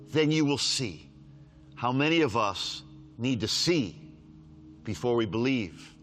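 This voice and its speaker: Man preaching with unhurried, swelling delivery. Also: animated, faint music behind. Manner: swings from loud raised scripture reading to low hushed pleading; repeats lines for emphasis. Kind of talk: sermon.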